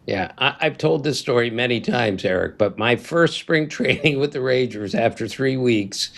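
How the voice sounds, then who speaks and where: An older man, a baseball writer, telling lively anecdotes in a podcast chat, acting out quotes and laughing often. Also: medium pitch, moderate pace, vocal fry.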